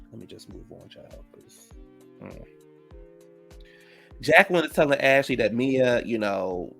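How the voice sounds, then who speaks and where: A man casually recapping a reality TV episode, gossipy and profane, reacting loudly to the drama. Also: fairly low pitch.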